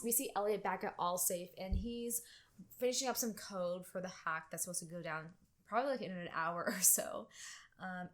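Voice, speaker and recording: A woman co-hosting a podcast, casually recapping a TV episode in a lively way and slipping into quoted lines of dialogue. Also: mid-range voice. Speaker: podcast co-host.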